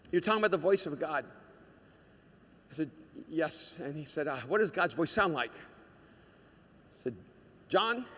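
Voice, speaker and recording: A male pastor delivering a dramatic sermon, moving between hushed storytelling and shouted urgency. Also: sits high, long reverb tail.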